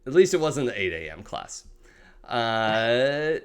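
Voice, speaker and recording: Halting male game master, mid-pitched. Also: big pitch swings, clear, resonant tone. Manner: hesitant, many fillers and restarts. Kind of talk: narrating a tabletop game.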